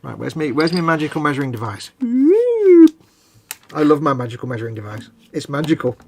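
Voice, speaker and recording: A man's voice: on the high side, huge pitch swings, a little mellow. A man co-hosting a live hobby stream, teasing his partner and making jokes as they build models. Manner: teasing and joking, with quick asides. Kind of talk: casual banter while building a model.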